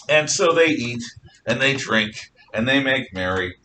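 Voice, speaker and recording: A male teacher lecturing a class in a lively, swooping voice that sounds bright and forward. He tells the story with jokes, asides and restarts. The mic sits well back from him and a faint noise hums behind. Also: medium pitch, measured pace, far from the mic. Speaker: history teacher.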